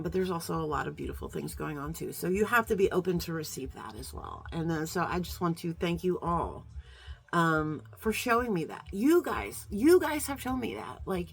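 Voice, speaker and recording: Speaking in a lowish voice with a breathy edge, a middle-aged beauty vlogger has a casual, heartfelt chat with her viewers. Her talk rambles, full of fillers and restarts, and she grows a little emotional.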